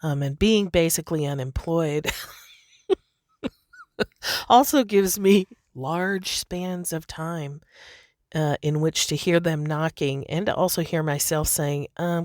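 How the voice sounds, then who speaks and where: A woman's voice: deep voice, slow, darkish tone, dry recording, clean studio sound. A woman hosting a podcast, talking in a casual, chatty monologue. She laughs often and fills her talk with "you know" and "like". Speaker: podcast host.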